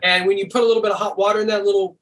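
High-voiced man chatting loosely. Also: rapid-fire. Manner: relaxed and rambling, full of "and stuff". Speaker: podcast guest. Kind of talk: casual conversation.

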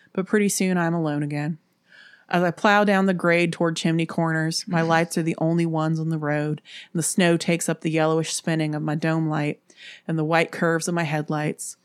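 A woman from Appalachia, host of the show, narrating a spooky story in a steady, measured way. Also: deep voice, clear, resonant tone, no room sound, clean studio sound.

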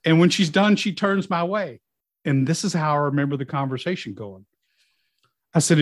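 A man's voice: on the high side, moderate pace, no room sound. Middle-aged male guest; vivid personal storytelling, quotes others in voice; dead-dry mic. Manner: lively storyteller, acting out quoted dialogue. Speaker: guest in recovery.

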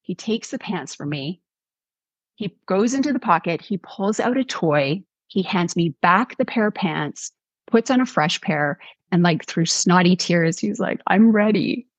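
A middle-aged woman, a guest author, telling a personal story in a conversational, animated way, acting out what people said. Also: fairly low pitch, measured pace, breathy edge, dry recording. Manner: animated, acts out quotes.

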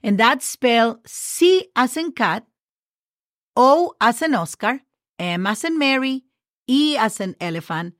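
A woman's voice: on the high side, animated, unhurried, fairly bright tone, no room sound, clean studio sound. Patient woman teaching Spanish words. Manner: patient, spells words letter by letter with examples. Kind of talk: casual language lesson.

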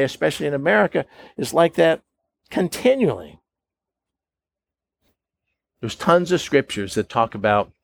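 A man's voice: fairly high pitch, no echo. A man preaching a sermon, emphatic, often questioning his listeners and acting out the voices of doubtful believers. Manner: emphatic, asks the audience questions, acts out quoted voices.

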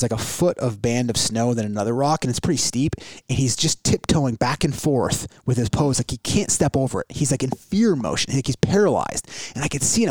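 Fast-talking man telling a story. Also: mid-range voice, no room sound. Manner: rambling, animated retelling with many restarts. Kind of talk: casual storytelling.

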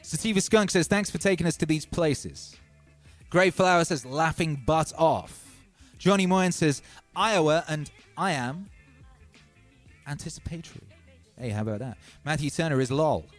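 A man hosting a music livestream, reading out viewers' comments with playful deadpan asides. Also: on the high side, normal speed. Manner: playful, deadpan asides, frequent ums and uhs.

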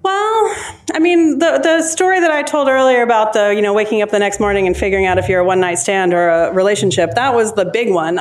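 A woman, an author, chatting with a live audience at her book launch, often pausing with ums and restarting her sentences. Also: a little high. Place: live event before an audience.

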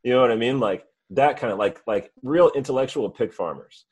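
A man's voice: mid-range voice, animated, a little fast, darkish tone, slightly rough. A man in casual chat who rambles through loose stories full of fillers.

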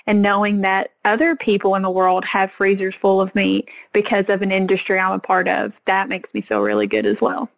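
A woman's voice: mid-range voice, brisk, creaky, hardly any pauses, rough recording. A woman farmer from Arkansas with a Southern accent, talking earnestly as a guest in a casual podcast interview. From Arkansas, USA.

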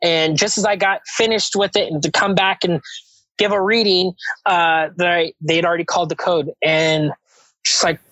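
A man speaking as a podcast guest, talking slowly and hesitantly with many pauses and restarts. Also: high-pitched, fairly even intonation, sharp tone, no echo, rough recording. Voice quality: halting, hesitant, reflective. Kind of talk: casual chat.

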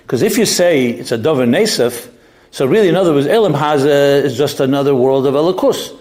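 A man leads a Chasidic text class, moving between read-out Hebrew passages and English explanation with Yiddish phrases woven through. His voice sits a little higher than most men's and swings up and down as he argues each point. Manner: animated, pitch jumps up when making a point. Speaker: Torah teacher.

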